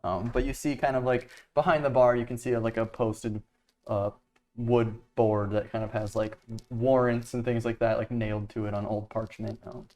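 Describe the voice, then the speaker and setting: Guy game mastering, rambly, lots of likes and ums, middle pitch. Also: flat delivery, normal speed, darkish tone. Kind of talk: casual tabletop game narration.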